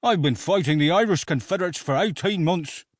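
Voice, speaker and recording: A male narrator voicing a quick-tempered army commander who snaps and yells at his troops, in an audiobook. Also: fairly high pitch, dry recording, studio quality, pitched above the performer's own voice, close to an everyday voice. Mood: angry. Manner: snapping, yelling.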